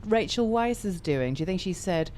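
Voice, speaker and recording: A woman's voice: mid-range voice, expressive, darkish tone, slight background noise. A woman co-hosting a radio show, chatting and teasing her co-hosts in unscripted banter. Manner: chatty, quick to tease. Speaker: radio co-host. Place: radio studio.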